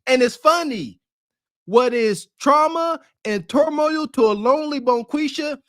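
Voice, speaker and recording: A man co-hosting a podcast, reacting to clips with a mocking, preachy edge. His pitch swings widely as he talks. The sound is close and dry. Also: animated, a little slow, dry recording. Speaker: podcast co-host. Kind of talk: reaction commentary.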